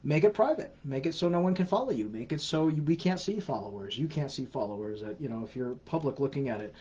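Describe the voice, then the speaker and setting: A middle-aged man hosting a casual livestream Q&A, talking in a chatty, halting way and often restarting his sentences. His voice sits low and mellow, and the audio is slightly dull and lo-fi. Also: animated. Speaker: host of a scam-awareness livestream.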